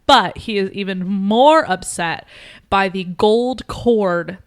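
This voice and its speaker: A woman podcast host retelling a story in a casual, animated way, with lots of fillers. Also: medium pitch, slow, smooth.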